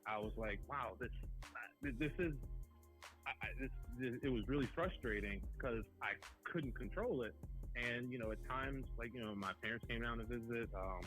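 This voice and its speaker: Bright-voiced young man, earnest. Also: mid-range voice, soft background music, poor audio. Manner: earnest, halting, many fillers. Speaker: guest. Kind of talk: conversational interview.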